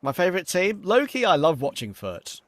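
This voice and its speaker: A man's voice: sits high, wildly swooping pitch, moderate pace, no echo. A young man with a London accent, casually commentating an esports match and chatting with viewers while losing his voice. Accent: London English. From England. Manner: casual, chatty, answers viewer questions between plays. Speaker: esports caster. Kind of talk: solo esports commentary with chat reading. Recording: game sound and gunfire behind the voice.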